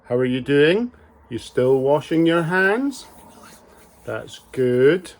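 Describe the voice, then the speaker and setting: Expressive man telling a children's story. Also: fairly high pitch, slow pace.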